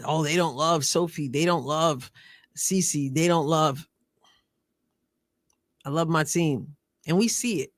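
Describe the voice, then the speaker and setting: A woman's voice: low voice, no room sound. A woman hosting a commentary video, talking earnestly and repeating phrases for emphasis. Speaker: show host.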